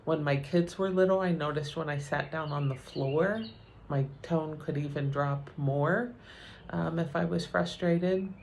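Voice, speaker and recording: Low gravelly lady counselor, calm and encouraging, lots of ums and "right?". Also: measured pace, slight background noise. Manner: calm, gentle and encouraging, with frequent ums and "right?" check-ins. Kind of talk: educational video talk.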